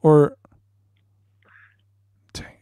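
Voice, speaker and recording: A man's voice: extremely slow, mellow, dry recording. A man playing a panicky adult son who stammers and repeats himself during a scam-bait call. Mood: flustered.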